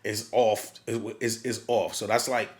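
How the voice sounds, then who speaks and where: A man's voice: on the low side, flat delivery, measured pace. A man who works as a DJ, telling a story in casual podcast chat and acting out quotes and crowd hype.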